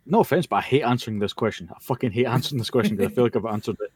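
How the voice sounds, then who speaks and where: A man's voice: medium pitch, very fast, a little mellow, husky, no room sound. A Scottish man co-hosting a podcast in casual chat, swearing often and sounding tired, talking over a voice call. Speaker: podcast co-host. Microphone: computer mic over a voice call.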